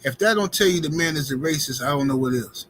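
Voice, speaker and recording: A man's voice: on the high side, fast, fairly bright tone, low-quality recording. A man hosts a live stream with a slightly raised voice, talking in blunt, casual commentary. He repeats himself for emphasis and takes a mocking edge. A faint hiss of noise sits under the stream audio. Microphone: streaming setup mic.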